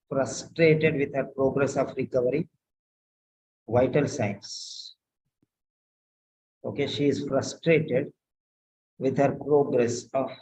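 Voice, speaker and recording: A man tutoring nursing students, correcting a written letter aloud, slow and repetitive, often asking pointed questions. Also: mid-range voice, a little mellow, slight background noise, low-quality recording.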